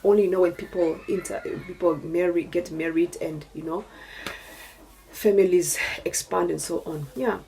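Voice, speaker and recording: A woman's voice: lowish voice, fairly even intonation, moderate pace, vocal fry, dark tone, slight background noise, low-quality recording. A middle-aged woman from Namibia with a Namibian accent, telling a personal story to camera in an earnest, preachy way and thanking God often. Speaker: YouTuber. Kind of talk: personal story time, testimony.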